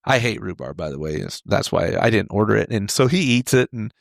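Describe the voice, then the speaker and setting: A man in his forties, a podcast guest telling rodeo stories in a casual, animated way, laughing often and acting out the voices of the people in them. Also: fairly low pitch, a little fast, gravelly, no echo, clean studio sound. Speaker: podcast guest, retired steer wrestler. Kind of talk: casual storytelling.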